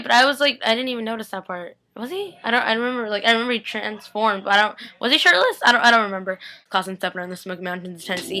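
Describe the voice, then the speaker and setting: A young woman chatting excitedly in a casual recap vlog, rambling with many fillers, filmed at home on a webcam. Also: mid-range voice. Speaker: vlogger recapping a TV episode. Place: home during a family party.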